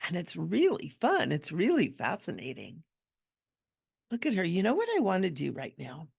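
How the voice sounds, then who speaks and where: A woman with a deep, very gravelly voice talks her way through a coloring session. Her manner is gentle and chatty, and she coos softly over the little details of the picture. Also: huge pitch swings, normal speed. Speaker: coloring channel host and hypnotherapist. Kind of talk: relaxed chatty coloring tutorial.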